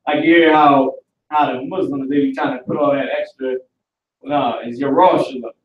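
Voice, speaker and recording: A man's voice: medium pitch, fairly even intonation, moderate pace, dull audio. A man teaching a live online class in a casual, slangy lecturing manner. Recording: echoey and distant from the mic.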